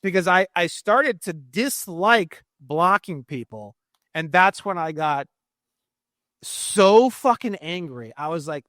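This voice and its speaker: A man as an interview guest, ranting heatedly with lots of swearing and fast bursts. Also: sits high, animated, a bit bright, no echo, studio quality. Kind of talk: casual interview talk.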